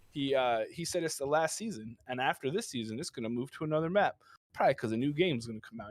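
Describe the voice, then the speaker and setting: A man's voice: expressive, fast talker. A man co-hosting a morning radio show, reading gaming news as a jokey back-and-forth. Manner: playful, acts out silly back-and-forth with high squeaky replies. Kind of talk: casual comedic radio banter.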